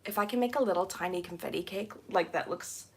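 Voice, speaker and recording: A young woman live streaming while she cleans, chatting casually with giggly, rambling asides and excited squeals. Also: fairly low pitch, quick pace, a little hiss or hum. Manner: bubbly, squealing excitedly at new members.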